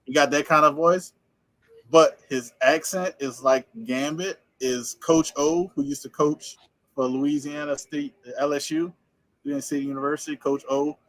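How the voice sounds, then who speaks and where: A man co-hosting a podcast in casual chat, talking fast and running words together, laughing often. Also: on the high side, steady tone, a bit bright, dry recording, rough recording. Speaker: podcast co-host.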